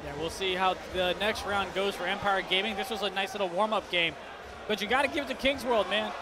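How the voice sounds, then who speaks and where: A man's voice: sits high, a little fast. A man giving esports color commentary, chatty in his analysis and teasing in banter. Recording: game sounds and noise behind.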